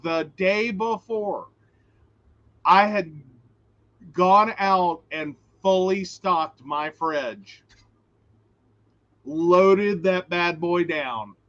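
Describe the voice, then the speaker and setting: A man co-hosting a live-streamed show, telling stories in a chatty, animated way and reading out viewer questions. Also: sits high, drawn-out words, long pauses. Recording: dull lo-fi stream audio.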